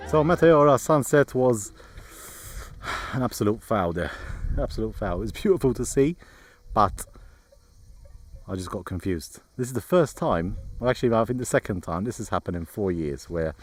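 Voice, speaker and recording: A man chatting to camera as a travel vlogger, with a lively, exclamatory and sometimes frustrated manner, recording in and around a camper van. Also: medium pitch, moderate pace. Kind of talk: casual vlog to camera. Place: camper van and outdoors at a rock site.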